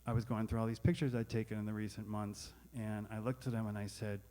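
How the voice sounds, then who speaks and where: A man's voice: fairly low pitch, level tone, fast, mellow. A man telling a candid, wry personal story on stage at a live storytelling event, speaking into a stage microphone. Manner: candid, wry, self-deprecating.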